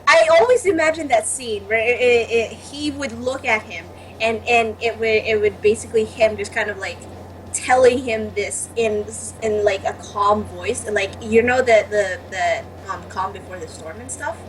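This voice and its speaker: Excitable, halting young woman guest. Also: on the high side, a little hiss or hum, poor audio. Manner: halting, excitable, swears often. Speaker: panel guest. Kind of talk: casual chat.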